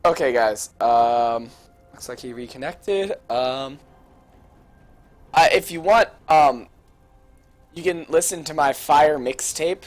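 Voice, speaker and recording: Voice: mid-range voice, slow, long pauses. Young student caster, hesitant and rambling, filling dead air over faint music. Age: young adult. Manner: self-deprecating, rambling, hesitant. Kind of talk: casual rambling commentary during a pause.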